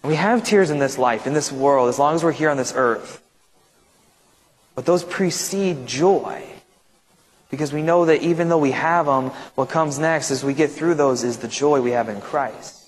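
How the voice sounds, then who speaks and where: A man's voice: fairly high pitch, moderate pace. Man teaching Bible study in an echoey hall. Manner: conversational, keeps checking in with "right?". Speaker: pastor. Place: church, large echoey room.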